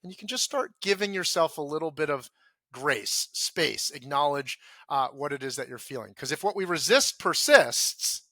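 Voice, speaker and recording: A man talks earnestly as a podcast guest, his voice sitting a little high and sounding bright and forceful. He slips into his own inner self-talk, going softer and lower for the quoted feelings, and the sound is dry and close with no room around it. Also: expressive, moderate pace, no echo.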